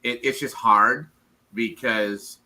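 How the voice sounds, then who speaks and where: A man's voice: medium pitch, fairly even intonation, slow, bright, forceful tone, low-quality recording. A man from the United States talking as an interview guest in a casual chat, rambling, repeating words and acting out quoted women.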